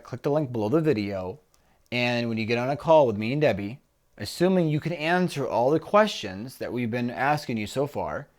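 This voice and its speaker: In casual conversation with his co-host, a man with a middle-pitched voice lays out business ideas in plain terms. As a business coach, he repeatedly pitches a one-on-one call, keeping the tone conversational.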